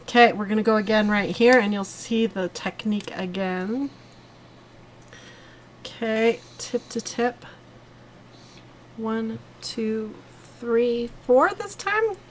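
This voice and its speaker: A woman's voice: a little high, slow pace, long pauses, a little hiss or hum, low-quality recording. A woman hosting a live coloring tutorial, chatting casually as she demonstrates step by step. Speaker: host of a live coloring stream.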